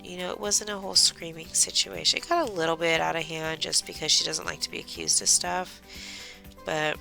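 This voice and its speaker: A woman's voice: low-pitched, steady tone, a little fast, gravelly, pushed and bright, faint music behind. A middle-aged woman chatting casually while she crafts, telling a rambling story about her daughter as host of a craft livestream.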